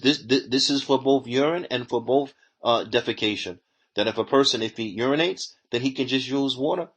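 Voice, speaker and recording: A man teaching a religious lesson. He reads a passage in quick bursts, then explains it slowly and repeats each point. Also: medium pitch, a bit bright.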